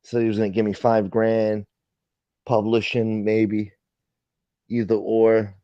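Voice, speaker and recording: A man's voice: lowish voice, little pitch movement, slow pace, no echo, muffled recording. A man hosting a casual livestream chat, ranting with profanity and thanking viewers for donations. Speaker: livestream host.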